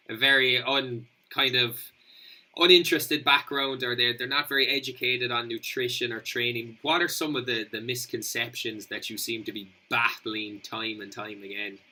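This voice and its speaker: A man's voice: mid-range voice, moderate pace, bright, forceful tone, rough recording. A man hosting a casual podcast interview, agreeable and asking open questions. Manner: agreeable, laughs easily, asks open questions. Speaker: podcast host.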